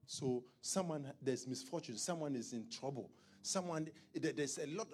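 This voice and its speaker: Husky male pastor with a lively voice. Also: fairly high pitch, moderate pace, few pauses, soft background music. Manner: conversational preaching, quizzes the congregation, clears his throat. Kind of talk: sermon. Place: church service.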